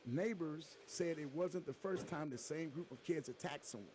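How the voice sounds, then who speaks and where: A man co-hosting a podcast in casual comedic chat, an animated storyteller with loud bursts. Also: fairly high pitch, normal speed, a little hiss or hum. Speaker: podcast co-host.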